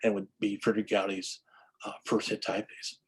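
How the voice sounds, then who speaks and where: A man's voice: fairly low pitch, little pitch movement, a little fast, husky, low-quality recording. A man giving an enthusiastic lecture-style story about book history, full of restarts and stammers.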